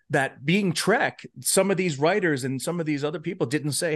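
A man's voice: fairly high pitch, moderate pace. A middle-aged man co-hosting a podcast, chatting casually and eagerly explaining how things are pronounced. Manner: animated, explains pronunciation eagerly. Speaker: podcast co-host. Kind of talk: casual chat.

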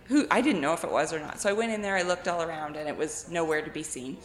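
A woman author telling animated anecdotes in a casual interview, acting out quotes and laughing often. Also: low voice, fast. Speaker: guest author and blogger. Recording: echoey room with long reverb.

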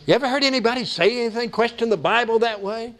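Older male pastor, sermon delivery, high voice, emphatic questions and homespun asides. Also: fast, fairly bright tone. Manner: preaching with rising emphatic questions and folksy asides.

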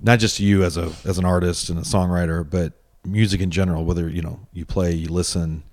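A man hosting an interview, asking measured questions and giving brief encouraging responses. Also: sits low, steady tone, a little mellow. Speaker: interview host.

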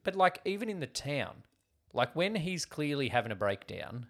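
A man's voice: a little high, very animated, moderate pace, a bit bright. A man co-hosting a podcast, chatting casually about a film and often trailing off with fillers. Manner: rambling, trails off with "like". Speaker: podcast co-host. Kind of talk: casual film discussion chat.

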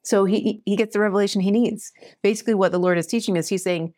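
A woman's voice: medium pitch, steady tone, fast, a little mellow, no room sound, clean studio sound. A woman in her thirties hosting a podcast, teaching scripture in a casual, earnest way, often laughing and acting out quotes. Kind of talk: casual scripture study talk.

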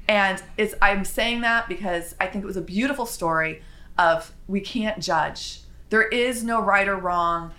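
A woman vlogger telling a spiritual story in a chatty, animated way, with quick asides. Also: mid-range voice.

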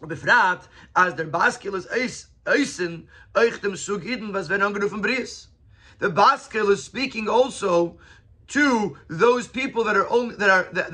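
A man's voice: sits high, sharp tone. A man teaching a Torah class, quoting Hebrew and Yiddish phrases and then explaining them in English.

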